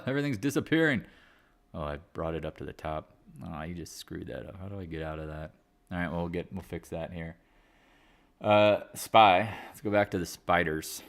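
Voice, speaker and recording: A man's voice: low-pitched, fairly bright tone. A man hosting a live market chat stream in a casual, rambling way, drifting off on tangents and slangy asides. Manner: loose, slangy. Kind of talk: casual livestream market commentary.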